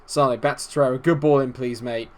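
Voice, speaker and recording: Young male gaming creator, mid-range voice, excitable match commentary that lurches between quiet grumbling and loud shouting. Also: mid-range voice, brisk. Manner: swings from muttering to shouting at the match. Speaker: gaming YouTuber.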